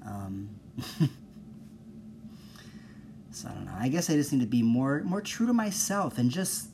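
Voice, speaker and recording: A man hosting a casual solo podcast, rambling and self-mocking, low-key with bursts of exasperated ranting. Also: sing-song, a little slow, mellow, a little hiss or hum.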